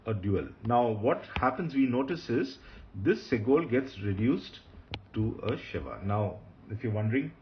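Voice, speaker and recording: A man teaching Hebrew grammar in a recorded lecture, patient, repeating key points and often pausing with fillers. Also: fairly low pitch, big pitch swings, dull audio, a little hiss or hum.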